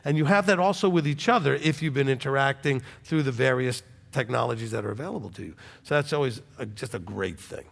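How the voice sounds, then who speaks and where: A man's voice: medium pitch, fast, creaky, hardly any pauses. A man, a rabbi, chatting animatedly while answering congregation questions, with many okays. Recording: long hall reverb.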